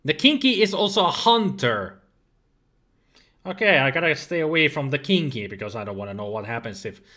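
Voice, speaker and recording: A man's voice: a little high, expressive, a little fast, sharp tone. A tired man casually commentating his retro gameplay on a livestream, chatty and prone to laughing, swearing and mocking the game. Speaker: livestreamer playing retro games.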